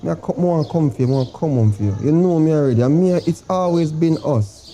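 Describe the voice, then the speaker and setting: A man's voice: on the high side, animated, warm tone, slight background noise, close to an everyday voice. A man playing a pleading Jamaican boyfriend. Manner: pleading, drawn-out, dramatic. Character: pleading remorseful boyfriend begging to come home. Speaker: actor in comedy sketch. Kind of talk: comedy sketch acting, phone call.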